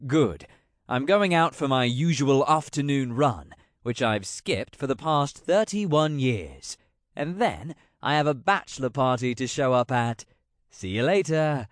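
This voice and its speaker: A man's voice: mid-range voice, animated, unhurried, no room sound, clean studio sound, lightly acted. A man voicing a casual, eager king in an audiobook, brushing off his aide's worries. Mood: breezy. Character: breezy, restless male king sneaking off.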